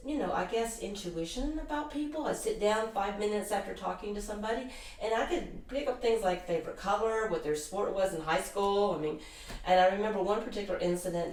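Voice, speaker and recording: This interview guest, a middle-aged woman who works as an intuitive healer, speaks in a mid-range, slightly mellow voice, a little fast. Her anecdotes ramble on with many restarts, and the distant mic adds a roomy echo.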